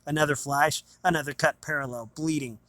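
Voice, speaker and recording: A man's voice: a little high, fairly even intonation, fairly quick, sharp tone, no room sound. A man reading a novel aloud, plainly, with small stumbles and restarts. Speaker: reader.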